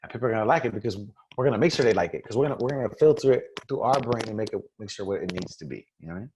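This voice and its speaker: A man's voice: on the low side, expressive, very fast, a little mellow, slight background noise. A man who works as a radio personality, chatting in a laid-back way and often tagging his points with "right?". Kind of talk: casual chat.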